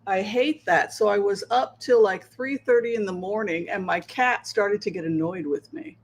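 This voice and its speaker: A woman's voice: medium pitch, normal speed, low-quality recording. A woman hosting a tarot livestream, chatting casually and rambling as she checks in with her viewers. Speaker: tarot reader and livestream host.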